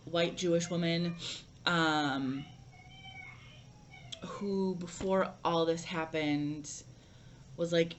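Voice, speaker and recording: A woman's voice: on the low side, a little hiss or hum. A young woman vlogging a casual book review, rambling with lots of fillers and restarts.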